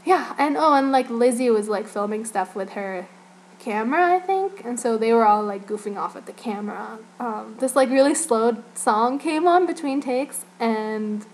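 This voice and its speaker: A woman's voice: on the high side, lively intonation, normal speed, a little hiss or hum. A young woman casually recapping a fan event in a vlog, rambling and giggling, filling her talk with "like". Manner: rambling, giggly, heavy use of "like". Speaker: fan vlogger.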